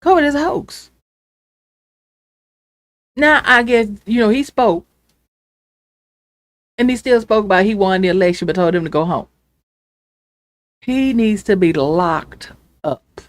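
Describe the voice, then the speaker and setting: A woman hosting her own show, delivering an angry, impassioned political rant that swings from loud outbursts to hushed pleading. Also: medium pitch, a little slow, pauses often, no echo, clean studio sound. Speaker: show host.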